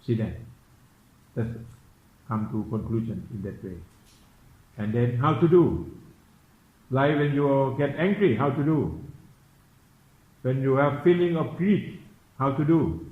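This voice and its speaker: Man teaching meditation, slow deliberate pace, repeats his questions, echoey temple hall, dull lo-fi sound. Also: mid-range voice, lively intonation. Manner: slow, repetitive questioning of listeners in simple English. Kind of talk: dharma talk to students. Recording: echoey, dull room recording.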